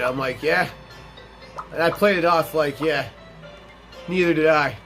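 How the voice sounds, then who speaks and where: Young male gaming host, slightly higher voice, profane storyteller, loud game music underneath. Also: measured pace, pauses often. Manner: blunt, profane, animated retelling with quoted dialogue. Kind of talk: casual storytelling over gameplay.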